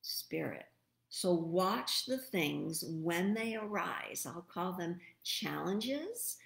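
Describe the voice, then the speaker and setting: Slow, gravelly-voiced middle-aged woman. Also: on the low side, animated. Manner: slow, soothing and meditative, thinking aloud. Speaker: spirit messenger hosting a live stream. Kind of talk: live stream word readings. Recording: roomy echo.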